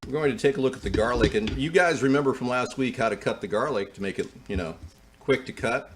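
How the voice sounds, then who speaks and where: A man's voice: mid-range voice, fast talker. A man in his fifties hosting a home cooking show, chatting and rambling with folksy asides as he cooks in his kitchen on a close-up mic. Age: 50s. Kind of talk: casual cooking demonstration. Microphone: close-up wired mic. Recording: noisy recording.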